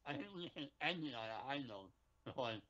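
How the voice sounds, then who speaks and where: Halting, word-repeating man on a lo-fi stream. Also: medium pitch, lively intonation, sharp tone. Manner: halting, repeats his words. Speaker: co-host. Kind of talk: casual stream chat. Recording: dull lo-fi sound.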